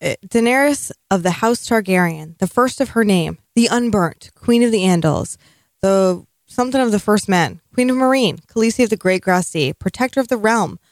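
A woman co-hosting a podcast in casual chat, excitable and swearing, with playful sarcasm. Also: mid-range voice, moderate pace, no room sound, studio quality. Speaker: podcast co-host.

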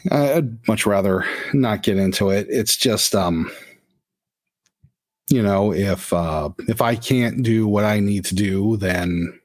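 A man's voice: on the low side, slow, darkish tone, dry recording. A man playing a weary dutiful vampire. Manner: earnest, defensive, dutiful. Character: weary male vampire ritualist, loyal and stiff.

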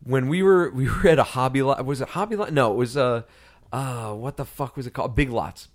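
A man's voice: medium pitch, fairly quick. A man in his thirties telling a story in casual chat as a podcast co-host. He swears freely and squeals when mimicking others.

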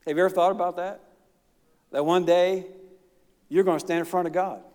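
A man's voice: high-pitched, steady tone, brisk, darkish tone, in a large hall. A middle-aged male pastor preaching a sermon in a folksy, plain-spoken way, with asides and chuckles. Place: church.

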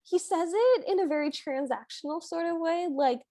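A woman's voice: extremely high pitch, moderate pace, dark tone. A woman co-hosting a podcast, recapping a film scene by scene in an amused, giggly way. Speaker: podcast co-host. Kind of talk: casual chat recapping a film.

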